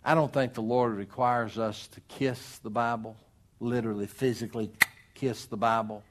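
A middle-aged man preaching a sermon as pastor, swinging between loud emphatic rises and quiet drops. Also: mid-range voice, fairly even intonation, moderate pace.

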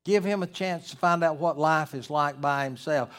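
A man preaching a sermon, emphatic, repeating key words and building to loud climaxes. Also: a little high, moderate pace, hardly any pauses. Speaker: pastor.

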